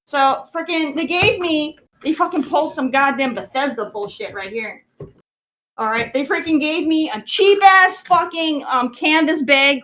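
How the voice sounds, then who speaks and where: A woman with a high, sharp, bright voice, co-hosting a casual podcast. She rants in exasperation, swears constantly, and rises toward shouting as she builds. Her talk is loose and unscripted. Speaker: podcast co-host. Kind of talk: profane ranting unboxing chat.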